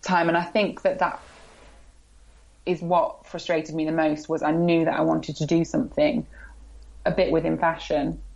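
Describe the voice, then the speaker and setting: A woman's voice: low-pitched, little pitch movement, normal speed, gravelly, long pauses, darkish tone, dull audio. A woman with an English accent, a blogger guest speaking candidly and with self-deprecating humour in a casual interview.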